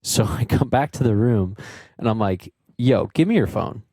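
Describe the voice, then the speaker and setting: A young man and podcast co-host telling a tour story in casual chat, animated and swearing, mimicking friends in a raised voice. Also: medium pitch, moderate pace, slightly rough, dry recording, studio quality. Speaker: podcast co-host, band member.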